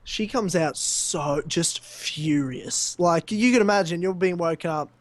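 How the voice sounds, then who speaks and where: Young Australian man, high voice, animated storyteller, dry close sound; podcast co-host spinning anecdotes. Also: measured pace, no echo. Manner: animated storyteller, laughs often. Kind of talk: casual storytelling chat.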